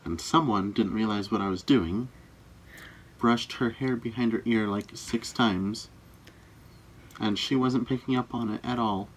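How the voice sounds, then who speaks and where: Young man, deep, husky, dry teasing banter. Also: measured pace. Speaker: boyfriend in a couple's tag video. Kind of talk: casual chat.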